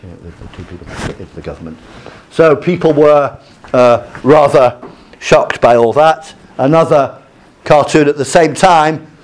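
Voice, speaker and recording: A man's voice: a little high, lively intonation, measured pace. Hesitant male lecturer with many fillers. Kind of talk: lecture with slides.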